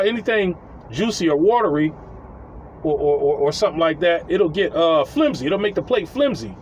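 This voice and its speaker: Give me a high-voiced, animated man telling a profane story with faint noise behind him. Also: rough recording. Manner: animated, chuckling, acts out quotes.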